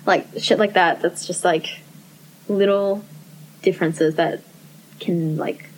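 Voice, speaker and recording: Husky young woman, filler-heavy chat. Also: fairly low pitch, fairly even intonation, slow, poor audio. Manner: peppers speech with "like", thoughtful. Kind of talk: casual chat.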